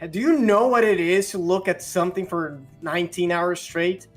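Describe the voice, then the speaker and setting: A young man with a Brazilian accent, a podcast co-host, chatting casually with profane, excitable outbursts and stumbling repetitions. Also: high-pitched, normal speed, faint music behind. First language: Portuguese.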